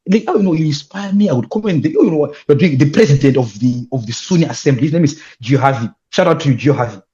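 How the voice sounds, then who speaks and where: A young man with a Zimbabwean accent telling his story as an interview guest, animated and emphatic, repeating words when excited. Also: a little high, lo-fi sound. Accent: Zimbabwean English. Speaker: guest, youth leadership speaker.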